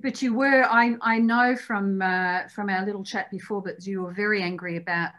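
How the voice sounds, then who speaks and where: A woman interviewing a guest over a video call, her voice at an ordinary middle pitch. She speaks thoughtfully, pausing and filling gaps with small hesitations. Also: steady tone, a bit bright. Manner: thoughtful, hesitant, many fillers. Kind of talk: conversational interview.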